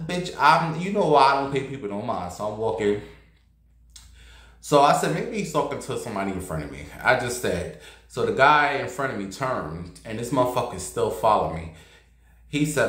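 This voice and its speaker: A brash, gossipy man tells a story from his night out, swearing freely. His voice sits at a middle pitch. It sounds like it was recorded in an echoey room. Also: very animated, moderate pace, fairly bright tone. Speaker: vlogger. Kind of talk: casual storytelling.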